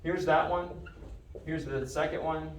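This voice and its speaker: A man's voice: fairly high pitch, steady tone, unhurried. Guy teaching math to a class, patient, keeps asking questions, sounds kinda far off in an echoey room with faint background noise. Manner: patient, questioning, checks understanding often.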